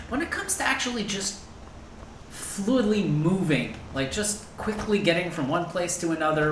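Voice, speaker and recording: A woman's voice: fairly low pitch, roomy sound, slight background noise, poor audio. A woman hosting a gaming video, chatting casually over her play and thinking aloud with fillers. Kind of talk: casual gameplay commentary.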